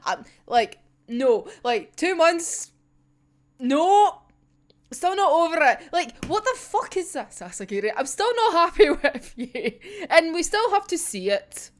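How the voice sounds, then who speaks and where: A woman hosting a casual manga reaction, ranting excitably, swearing often and laughing a lot. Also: extremely high pitch, unhurried. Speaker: manga reviewer.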